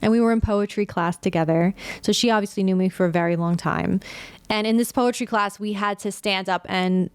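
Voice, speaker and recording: Brief: woman podcast host, late 20s-30s, casual and candid, smooth clear tone, dry close mic. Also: mid-range voice, fairly quick, dry recording. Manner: candid, animated, swears casually.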